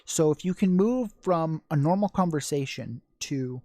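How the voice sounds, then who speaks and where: A man's voice: a little high, animated, moderate pace, dark tone, no room sound, clean studio sound. A man hosting a casual live-stream Q&A on sex education, blunt and joking crudely.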